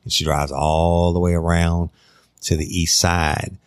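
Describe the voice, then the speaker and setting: A man's voice: sits low, level tone, a little slow, clear, resonant tone, no echo, studio quality. A middle-aged man hosting a true-crime podcast, telling the story in a conversational way and talking straight to his listeners. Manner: conversational, addresses listeners directly. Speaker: podcast host.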